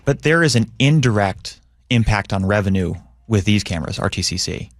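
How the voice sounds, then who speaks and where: A man appearing as a police union president on a radio show, explaining his points in a measured way and often checking in with "right?". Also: fairly low pitch, animated, no echo, studio quality. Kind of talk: radio interview.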